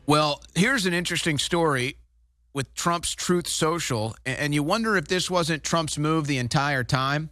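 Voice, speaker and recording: A man's voice: a little high, measured pace, pushed and bright, dry recording, clean studio sound, soft background music. A man hosting a political talk show, delivering heated, sarcastic, indignant commentary.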